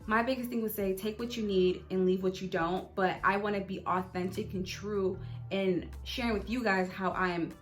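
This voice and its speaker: A young woman talks straight to her channel audience in a relaxed, confiding way. Her delivery is loose and chatty, full of "like" and "you know," at an ordinary middle pitch. Soft music sits quietly behind her voice. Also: moderate pace. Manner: candid, chatty, with many fillers. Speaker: channel host. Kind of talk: casual faith-based vlog talk.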